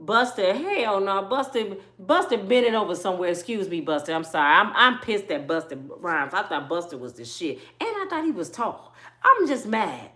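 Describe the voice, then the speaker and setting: A woman ranting about celebrity gossip to her viewers, animated and profane, quizzing them with rhetorical questions. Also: mid-range voice, moderate pace. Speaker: vlogger.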